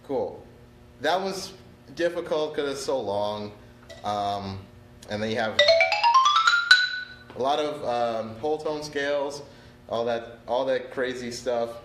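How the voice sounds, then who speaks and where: A man's voice: mid-range voice, slow pace, pauses often, roomy sound, loud music behind the voice. A man teaching on a casual livestream, chatty and laid-back, laughing often and apologizing freely. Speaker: percussion instructor on a livestream.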